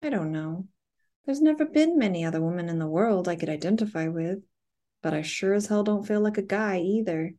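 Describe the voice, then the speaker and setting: A woman's voice: mid-range voice, lively intonation, brisk, mellow, natural voice. A woman voicing a hesitant, self-conscious butch lover. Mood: uncertain. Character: butch first-person narrator, unsure and lonely.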